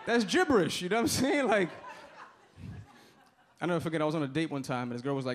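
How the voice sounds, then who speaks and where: A man's voice: fairly high pitch, moderate pace, long pauses. A man from the Dominican Republic doing a stand-up set on a comedy club stage, talking in a loose, conversational way with asides to the audience. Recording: live club, crowd laughter and room noise.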